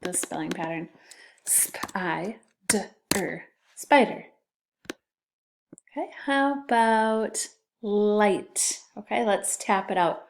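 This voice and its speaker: A woman's voice: medium pitch, animated, slow, pauses often. A woman teacher giving a recorded spelling lesson to children, patiently sounding out letters and syllables.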